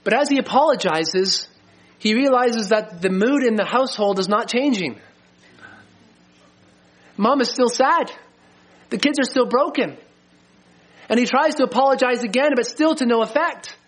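A middle-aged man preaching a sermon as a pastor, earnest and slowing down to stress key lines. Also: very high-pitched, lively intonation, fairly bright tone, slightly rough. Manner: earnest, slows for emphasis.

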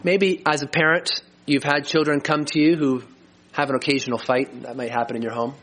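A middle-aged man preaching a sermon as a pastor, earnest and slowing down to stress key lines. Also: medium pitch, fairly even intonation, a bit bright. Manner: earnest, slows for emphasis.

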